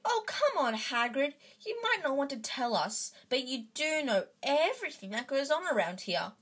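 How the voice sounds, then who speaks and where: A woman voicing a bright, eager schoolgirl who talks in an earnest, coaxing way, with a husky voice. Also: on the high side, very animated, measured pace, exaggerated voice.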